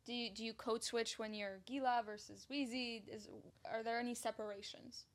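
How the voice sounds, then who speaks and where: Soft-spoken woman asking curious questions. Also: fairly high pitch, fairly even intonation, moderate pace. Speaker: podcast co-host. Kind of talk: casual podcast chat.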